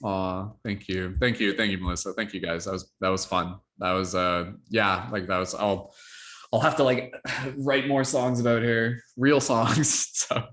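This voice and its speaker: A man's voice: on the low side, steady tone, measured pace, fairly bright tone. A man hosting a workshop on a video call, chatting casually and rambling with many filler words. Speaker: workshop host. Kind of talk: casual chat with a group.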